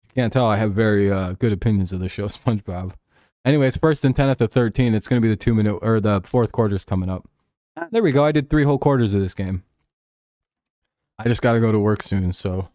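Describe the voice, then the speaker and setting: A man's voice: fairly low pitch, quick pace, darkish tone, dry recording, clean studio sound. A young man hosting a casual livestream while watching football, joking, swearing and laughing often. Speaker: livestream host. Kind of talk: casual livestream chat over a football game.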